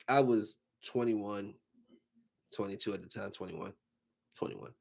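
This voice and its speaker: A man's voice: fairly low pitch, unhurried, gravelly, pauses often. A man in his thirties, a podcast host, telling stories casually and acting out voices. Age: 30s. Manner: animated, acts out voices in anecdotes. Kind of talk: casual storytelling.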